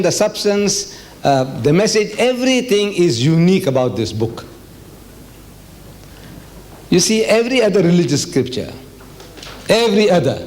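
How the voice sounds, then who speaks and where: An older man from South Africa speaks at a public religious lecture. His voice sits fairly high, and he moves with animated, rhetorical energy, often turning to the audience with questions. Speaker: Islamic lecturer.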